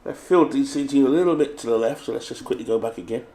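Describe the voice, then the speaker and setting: A man's voice: mid-range voice, fast talker, warm tone. Chatty British man calling tabletop baseball. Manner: chatty, reads lineups like a play-by-play announcer. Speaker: tabletop baseball game host. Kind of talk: casual tabletop game commentary.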